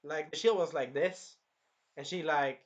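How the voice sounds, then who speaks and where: A man's voice: fairly high pitch, unhurried. A young man hosting a casual anime review, rambling with lots of fillers and acting out scenes.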